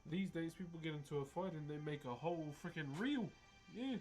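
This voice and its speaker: Brief: New Zealand man, slightly high voice, casual live-stream banter with chat, playful and quick to laugh, music playing behind. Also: lively intonation, a little mellow. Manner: cheeky, laughs often, chats with viewers. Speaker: live-streaming wood carver.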